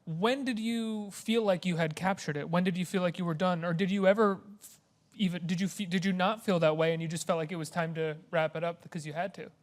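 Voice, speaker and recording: A man's voice: sits high, fairly even intonation, brisk. A man interviewing filmmakers, asking long questions that he often corrects midway. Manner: rambling, self-correcting questions. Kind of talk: interview conversation.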